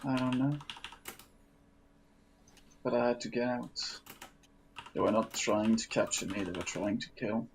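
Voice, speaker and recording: A man voicing an exiled, homesick adult man in a tabletop game, speaking in a halting, earnest way. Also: mid-range voice, slight background noise, natural voice, poor audio. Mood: sombre. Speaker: player. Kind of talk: in-character role-play.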